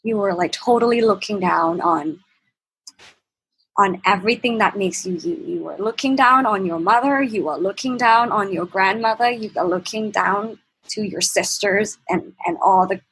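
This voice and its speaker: A woman's voice: medium pitch, moderate pace, a bit bright, slightly rough, low-quality recording. A young woman from Thailand with a Thai accent, a podcast guest telling a personal story in an earnest, reflective way as she searches for her words. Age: young adult.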